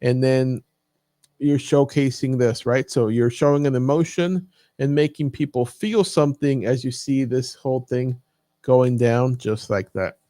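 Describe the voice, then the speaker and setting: A man's voice: medium pitch, fairly even intonation, measured pace, dark tone, dry recording. Casual man coaching over a dry mic. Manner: casual, thinking aloud with many fillers. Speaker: YouTube coach. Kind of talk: live screen-share training.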